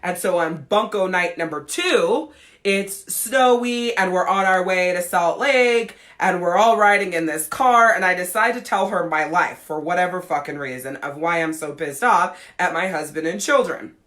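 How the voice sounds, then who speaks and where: A woman's voice: on the low side, moderate pace, a bit bright. A woman in her thirties, a podcast host telling a personal story in a blunt, profane, frank way. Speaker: podcast host and life coach. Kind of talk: casual storytelling.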